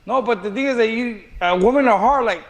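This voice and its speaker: A man's voice: very high-pitched, a little fast. A man who is a former boxing champion, chatting casually on a podcast, laughing and stammering as he repeats himself. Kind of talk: casual joking podcast chat. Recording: faint noise with clicks.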